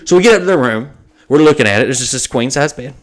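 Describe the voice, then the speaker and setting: A man with a mid-range voice hosts a podcast, rattling off a long story at a fast clip in casual talk. The telling is salty and animated, with the quoted exchanges acted out.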